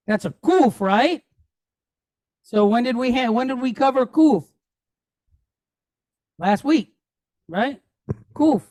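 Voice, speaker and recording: A man's voice: very high-pitched, a little mellow, no room sound. A man teaching a Hebrew class, patiently drilling sounds and checking that students follow. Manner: patient, checks understanding often; drills pronunciation aloud.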